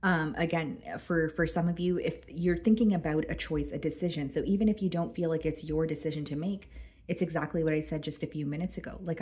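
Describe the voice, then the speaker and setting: A woman giving a casual tarot reading to her viewers, chatty and full of fillers, a bit hoarse and clearing her throat. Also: deep voice, steady tone, brisk, darkish tone. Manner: chatty, addresses viewers as guys, many fillers. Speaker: tarot reader.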